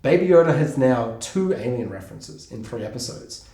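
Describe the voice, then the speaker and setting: A man co-hosting a podcast, chatting casually and excitedly, swearing freely and humming bits of music. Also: mid-range voice, normal speed, vocal fry. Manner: excitable, swears, hums music and imitates sounds. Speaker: podcast co-host. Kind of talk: casual chat. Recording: echoey room.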